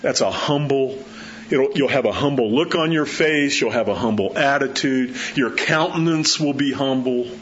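Animated middle-aged preacher, conversational. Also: male voice, normal speed. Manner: conversational, animated, acts out quotes with rising pitch. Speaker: pastor. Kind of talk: sermon. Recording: slightly dull sound with faint background noise.

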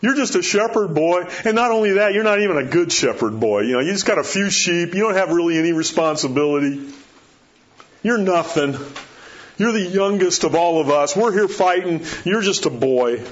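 A man's voice: high voice, animated, moderate pace, voice pushed up. A man voicing a scornful older brother who is a young soldier, talking in a belittling, dismissive way, in a dull lo-fi recording.

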